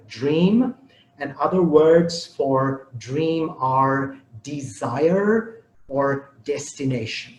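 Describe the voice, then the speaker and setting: Playful, animated male motivational speaker. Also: fairly high pitch, drawn-out words, reverberant, rough recording. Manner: playful, teasing the audience with questions; repeats and spells out key words.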